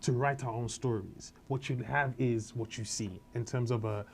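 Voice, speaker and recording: A man's voice: medium pitch, moderate pace, slight background noise. A man, a comedian, talking casually in an interview and acting out quotes as he tells stories. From Nigeria and Britain. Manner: animated storyteller, acts out quotes. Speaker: comedian guest.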